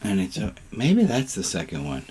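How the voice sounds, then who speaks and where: A man with a fairly low voice, leading a relaxed online service as the rabbi. He banters warmly with the congregation and slips in groan-worthy puns. The sound comes through a computer mic on a video call. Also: normal speed, noisy background. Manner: jovial, punning, chatty with the congregation. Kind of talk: informal sermon over a video call.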